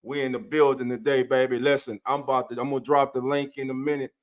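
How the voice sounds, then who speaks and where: A man's voice: mid-range voice, fast. Hyped-up man hosting a sports live stream. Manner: hypes up and greets chat viewers by name; loose, energetic, calls listeners family and baby. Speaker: podcast host.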